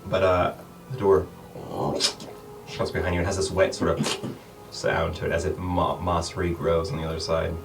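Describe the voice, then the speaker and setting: A man's voice: sits low, level tone, normal speed, vocal fry, long pauses. A man narrating a tabletop game as game master, describing scenes with many fillers. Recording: distant mic with music behind.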